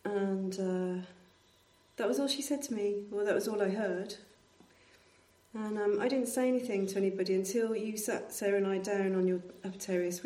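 A woman interviewer, telling an anecdote in an animated, emotional way during a casual conversation. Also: mid-range voice. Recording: roomy echo, distant from mic.

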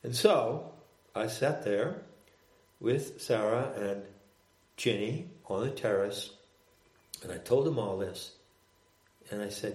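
An older man, a guest on the talk, recounting a spiritual experience in a measured, deliberate way. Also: lowish voice, darkish tone. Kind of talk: reflective conversational storytelling. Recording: roomy echo.

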